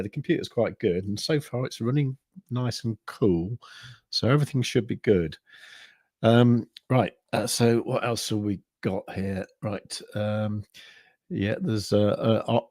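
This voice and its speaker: A man's voice: lowish voice, darkish tone, dry recording, clean studio sound. An English man from the Midlands with a mixed southern accent, rambling casually through viewer comments as a livestream host, with lots of fillers. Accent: English, mixed Midlands and southern English with some years in France. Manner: rambling, many fillers and restarts.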